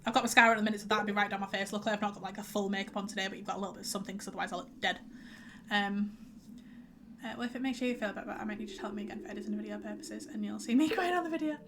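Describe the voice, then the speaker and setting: A woman's voice: mid-range voice, racing, fairly bright tone, slight background noise. A young woman streaming a game, chatting in a rambling way with many fillers and reading out chat messages. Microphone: headset.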